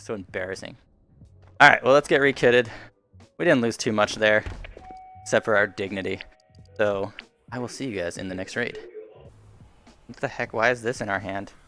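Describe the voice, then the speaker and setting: A man's voice: on the low side, fairly bright tone. A man casually commenting on his VR shooter gameplay, rambling and self-deprecating, chuckling as he goes, on a headset mic at home. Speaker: gaming YouTuber. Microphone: headset boom mic.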